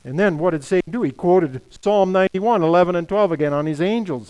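A man's voice: high voice, brisk, few pauses, darkish tone, clean tone, low-quality recording. Emphatic middle-aged male preacher. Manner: emphatic preaching with rhetorical questions. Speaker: pastor. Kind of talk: sermon.

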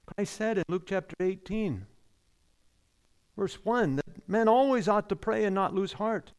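A man delivers a sermon at a measured pace, stressing and repeating key phrases. He lets his voice sink low and quiet at the end of each line.

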